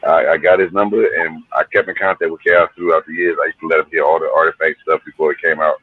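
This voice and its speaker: A man's voice: extremely low pitch, level tone, fast, husky, no room sound, phone-quality sound. A middle-aged man from New Jersey, a hip hop artist telling stories in a laid-back, slangy, profane way. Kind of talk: casual storytelling interview.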